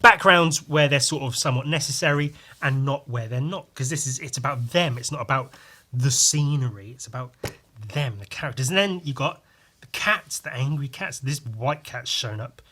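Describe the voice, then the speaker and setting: Podcast guy with a sharp bright voice, casual, swears a lot while retelling stuff. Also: medium pitch, normal speed. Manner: swears freely, animated retelling with exclamations. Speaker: podcast host. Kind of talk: casual comic review chat.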